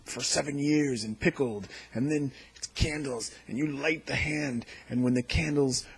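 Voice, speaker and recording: Very husky man reviewing a show. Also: medium pitch, unhurried. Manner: excited, recounts scenes with acted-out quotes. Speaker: TV episode reviewer, channel host. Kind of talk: casual video review chat.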